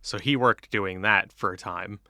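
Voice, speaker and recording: A man's voice: lowish voice, measured pace, pushed and bright, dry recording, clean studio sound. A man from New Hampshire co-hosting a casual history podcast, easygoing and joking. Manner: easygoing, joking, laughs a lot. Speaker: podcast co-host.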